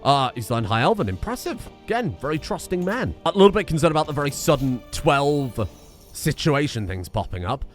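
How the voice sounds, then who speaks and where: A man's voice: on the high side, very animated, brisk, faint music behind. A man giving casual commentary while playing a strategy game, rambling with wry, self-deprecating asides. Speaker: video game streamer. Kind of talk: casual let's-play commentary.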